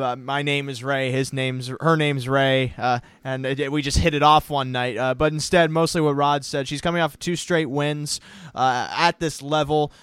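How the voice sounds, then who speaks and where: A man's voice: medium pitch, fairly bright tone, clear, resonant tone, dry recording. A man hosting a horse racing podcast, breaking down picks with joking, self-mocking asides. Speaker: podcast host. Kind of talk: horse racing handicapping talk.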